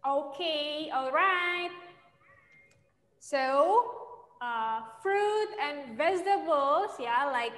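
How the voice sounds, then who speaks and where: A high, bright-voiced young woman teaches children English, taking her time and patiently repeating each question. Her voice rings in an echoey room with a long reverb tail, as heard over a video call. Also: expressive, drawn-out words. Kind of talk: online kids' English lesson.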